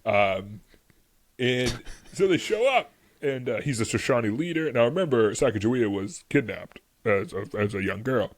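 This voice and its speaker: A man co-hosting a history podcast in a relaxed, chatty way. He rambles through the story with constant "like"s and quick bursts of laughter. His voice sits at an ordinary middle pitch. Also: a little hiss or hum. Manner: rambling, lots of "like", laughs often. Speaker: podcast co-host. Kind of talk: casual history chat.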